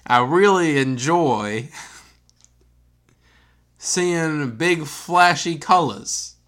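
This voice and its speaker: A man putting on a brash, old-fashioned New York character, speaking slowly and drawing out his words. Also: on the high side, lively intonation, a bit bright, exaggerated voice. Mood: boastful. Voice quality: slow, drawn-out delivery.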